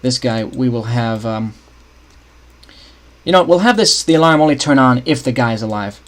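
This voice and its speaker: His mid-range voice is animated and moderately paced. A young man on a livestream, he casually works through his game map scripting, thinking aloud, restarting often and talking with viewers.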